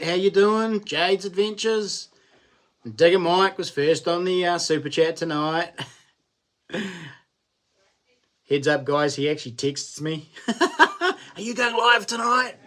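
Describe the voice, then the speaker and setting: Chatty New Zealand man, higher voice. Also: slow, long pauses, a bit bright. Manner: chatty and matey, greets viewers by name, laughs often. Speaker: livestream host. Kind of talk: casual live-stream chat.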